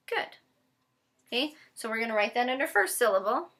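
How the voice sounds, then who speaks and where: A woman teacher giving a patient one-on-one phonics lesson, modeling each step slowly and spelling words out letter by letter. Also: a little high, expressive, fairly bright tone. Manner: slow, deliberate modeling with frequent check-ins. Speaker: special education teacher.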